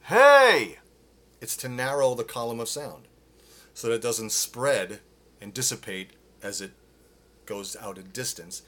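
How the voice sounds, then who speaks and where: A man teaching singing live, explaining technique with restarts and breaking into loud sung demonstrations. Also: lowish voice, steady tone, unhurried. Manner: demonstrates with loud sung grunts and vocal exercises. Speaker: vocal coach. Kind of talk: live-streamed singing lesson. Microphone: phone.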